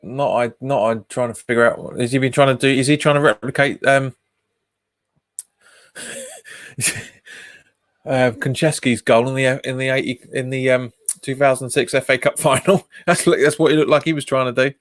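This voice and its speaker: A man's voice: medium pitch, fairly even intonation, moderate pace, pauses often, no room sound, clean studio sound. A man hosting a live football watch-along stream, reacting to the match, reading out viewer comments and laughing often. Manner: reads viewer comments aloud and answers them, laughs often. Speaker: fan channel host.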